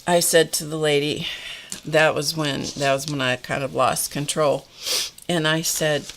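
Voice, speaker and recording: Middle-aged female host, low-pitched, unhurried, exasperated storytelling chat. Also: fairly even intonation, a bit bright, a little hiss or hum. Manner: wry, exasperated, laughs often. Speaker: host of a live art stream.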